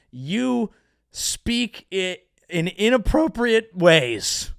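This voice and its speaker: A man's voice: high-pitched, creaky, fairly bright tone, dry recording, studio quality. A young adult man hosting his own comedy show, riffing in a profane, sarcastic monologue. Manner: profane, rambling, sarcastic, slips into silly voices. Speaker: podcast host and comedian.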